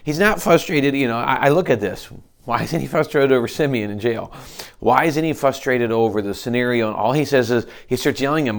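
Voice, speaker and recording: A man's voice: mid-range voice, fairly quick, gravelly. A man preaching. He reads scripture aloud and then explains it in a conversational way, often restarting his sentences. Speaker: pastor. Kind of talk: expository Bible teaching.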